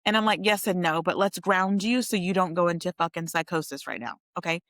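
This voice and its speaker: A young woman telling a personal story in a chatty, animated way, talking straight to her viewers. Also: fairly low pitch, fairly quick, no echo, clean studio sound. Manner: chatty, animated, addresses viewers as you guys. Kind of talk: casual storytelling to camera.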